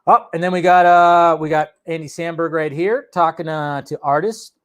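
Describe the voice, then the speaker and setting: Excitable, foul-mouthed man hosting film news. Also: on the high side, normal speed, clean tone. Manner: excitable, swears freely, laughs often. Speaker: host of a film news channel. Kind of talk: casual movie news commentary.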